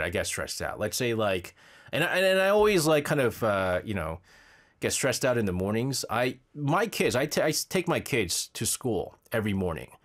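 A man hosting a live show, chatting casually and rambling between listener messages with frequent laughs. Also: medium pitch. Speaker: radio show host reading listener messages.

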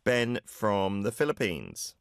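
A man hosting a Korean language show, playing listener clips and gently correcting their pronunciation. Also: lowish voice, wildly swooping pitch, vocal fry, clean tone, no room sound, studio quality. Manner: encouraging, explains pronunciation slowly. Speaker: host of a Korean learning show. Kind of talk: friendly radio-style language lesson chat.

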